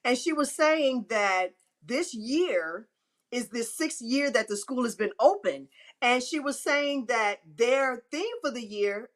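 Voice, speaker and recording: A woman's voice: lively intonation, slow pace. A woman speaking as an inspirational speaker in a faith-filled motivational talk, emphatic and repeating phrases for effect. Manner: acts out quotes with pitch swings.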